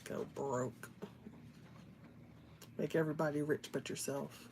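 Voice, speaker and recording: A woman's voice: low voice, steady tone, slow, a little mellow, slight background noise. A woman hosting a live stream, chatting casually with viewers as she colors, laughing often and slipping into whispers while she works. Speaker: livestream host.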